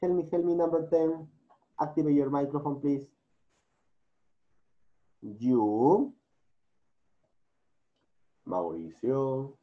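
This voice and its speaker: A man's voice: mid-range voice, animated, takes it slowly, pauses often, muffled recording. Male teacher on a video call. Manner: switches between English and Spanish, coaxing and repetitive. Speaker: English teacher. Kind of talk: online class, calling on students.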